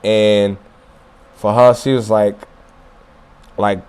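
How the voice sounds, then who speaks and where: With a lowish, clean voice, this man takes his time and leaves long pauses. He runs his own martial arts channel and addresses viewers in a loose, foul-mouthed solo monologue, chuckling and restating points for emphasis.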